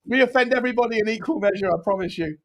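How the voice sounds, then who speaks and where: A man's voice: very high-pitched, racing. A young adult man, co-hosting a casual football chat in a jokey, banter-filled way. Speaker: co-host.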